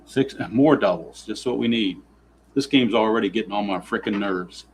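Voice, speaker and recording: A lower-voiced man calls a tabletop baseball game play by play, reading out dice results. He grumbles and turns sarcastic whenever the rolls go against him. A faint hiss of background noise sits under his voice. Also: moderate pace, rough recording. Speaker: tabletop baseball simulation player narrating. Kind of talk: play-by-play style game narration.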